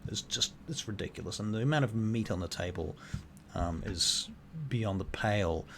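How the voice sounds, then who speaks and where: A man's voice: lowish voice, moderate pace, creaky, a bit bright, slight background noise. A man narrating as game master of a tabletop game, hesitant and thoughtful. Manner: thoughtful narration with many fillers and restarts.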